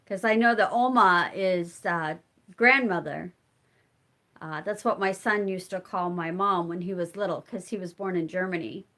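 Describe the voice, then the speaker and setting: This middle-aged American woman, a homestead vlogger, hosts a casual live chat while spinning fiber at home and answering viewers' comments. Her voice is lowish and bright, with a forceful tone and a moderate pace.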